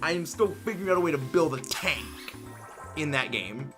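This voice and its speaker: A young man hosting a livestream, chatting casually and reading chat messages in an excitable, rambling way. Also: on the high side, moderate pace, over music. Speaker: livestream host.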